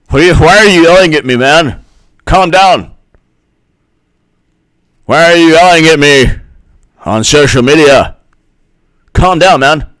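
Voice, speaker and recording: A man's voice: fairly high pitch, fairly bright tone, no echo, clean studio sound. A man giving sarcastic, rambling political commentary with comic skits. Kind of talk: casual comedic commentary with skits.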